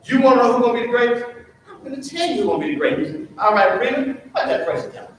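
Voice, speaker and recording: A high-voiced man leads a Sunday school lesson in a preacherly call-and-response style, firing questions at his class. He is recorded from a distance in a church room that rings with heavy echo. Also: sing-song, racing, slight background noise. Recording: very echoey church room from far off.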